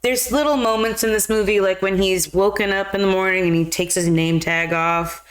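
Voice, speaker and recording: A woman's voice: medium pitch, steady tone. A woman, co-hosting a movie review live stream, chatting eagerly and sharing film trivia. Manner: chatty and enthusiastic, quick trivia asides. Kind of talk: casual chat.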